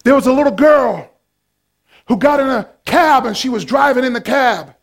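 High-pitched guy preaching hard, repeats himself, loud then quiet. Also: lively intonation, moderate pace, vocal fry. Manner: passionate, repetitive, alternately shouting and hushed. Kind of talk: sermon.

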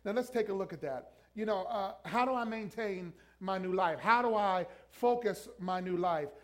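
High-voiced man preaching a sermon. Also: moderate pace, a bit bright. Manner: emphatic, urging the congregation to repeat lines. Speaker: pastor. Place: church.

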